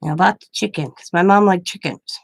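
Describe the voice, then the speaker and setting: A woman's voice: fairly low pitch, a little fast, vocal fry, slightly rough, no echo. Chatty grandmother rambling through a story. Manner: rambling, chatty, quoting others in her own voice. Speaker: craft channel host. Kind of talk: casual storytelling.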